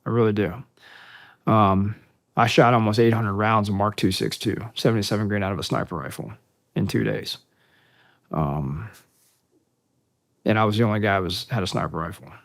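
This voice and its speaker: A man's voice: fairly low pitch, normal speed, gravelly, long pauses. A middle-aged American man, a military veteran, telling war stories in a casual interview, with many fillers and acted-out dialogue. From United States. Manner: conversational, many fillers, acts out quoted dialogue.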